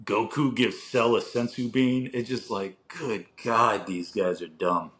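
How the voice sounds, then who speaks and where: Young male podcast co-host, casual rambling delivery, fond of filler and swearing, lowish voice. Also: steady tone, measured pace, fairly bright tone. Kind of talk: casual chat.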